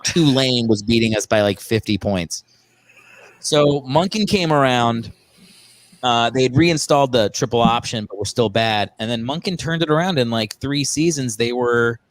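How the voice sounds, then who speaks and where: A man's voice: medium pitch, no echo. A man who is a comedian, a guest on a podcast, rambling sarcastically about football with lots of fillers. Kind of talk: casual podcast chat.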